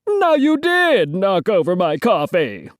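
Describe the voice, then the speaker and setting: A woman's voice: fairly high pitch, wildly swooping pitch, extremely slow, darkish tone, no room sound, clean studio sound, pitched above the performer's own voice, heavily acted. A woman voicing a grumpy male reporter in a children's storybook read-aloud, blustery and complaining. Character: grumpy male reporter who loves coffee.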